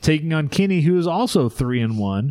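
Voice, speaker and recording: A man's voice: fairly high pitch, sing-song, brisk, warm tone, no echo, studio quality. A man hosting a casual podcast chat, explaining a segment and laughing often with his co-hosts. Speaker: podcast host.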